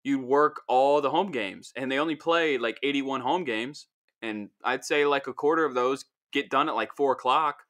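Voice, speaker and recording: Give me a bright-voiced young man chatting casually. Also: medium pitch, moderate pace. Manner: rambling storyteller, animated asides. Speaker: podcast host. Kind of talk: casual chat.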